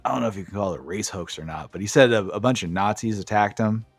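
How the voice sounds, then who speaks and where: A man's voice: fairly low pitch, fast talker, breathy edge, dry recording, soft background music. A man co-hosting a podcast, recapping wrestling matches in a casual, profane, enthusiastic play-by-play way. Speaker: podcast co-host.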